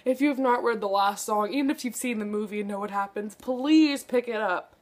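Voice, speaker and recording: A woman's voice: mid-range voice, fairly quick. A young woman book vlogger chatting casually to camera, gushing and dramatic, with lots of "like".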